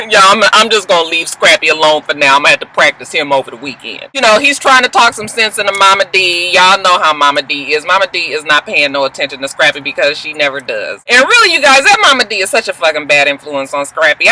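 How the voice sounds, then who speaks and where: A woman's voice: low-pitched, fast talker, hardly any pauses, a crowd in the background, rough recording. A woman recapping a reality show in a casual, profane, chatty vlog from a parked car, recorded on a built-in camera mic. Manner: profane, animated, chatty, often laughing. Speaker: TV show reviewer.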